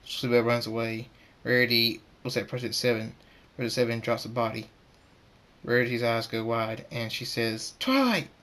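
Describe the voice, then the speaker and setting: A man's voice: mid-range voice, monotone, fairly bright tone. A man narrating an amateur fan-fiction story aloud, stumbling and restarting words as he reads. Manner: halting, with stammers and restarts.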